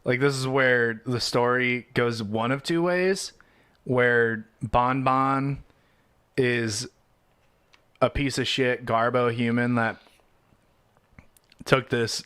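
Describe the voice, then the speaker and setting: A man co-hosting a casual podcast, telling the story in an unhurried way with casual swearing. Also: mid-range voice, a bit bright, clean tone. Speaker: podcast co-host presenting the story.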